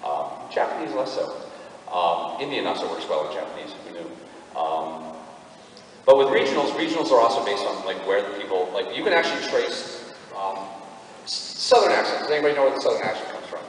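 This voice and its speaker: A man's voice: fairly low pitch, very animated, a little fast, a little hiss or hum. A man speaking as a convention panel guest, rambling through explanations with frequent ums and restarts, recorded by a camera in the audience. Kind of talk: casual panel talk answering a fan. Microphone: fan camera in the audience, far off. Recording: echoey hall from far off.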